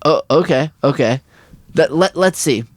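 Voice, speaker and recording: A man's voice: on the high side, unhurried, dry recording. A man co-hosting a podcast in casual comedic chat, often stammering and trying out silly accents. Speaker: podcast co-host.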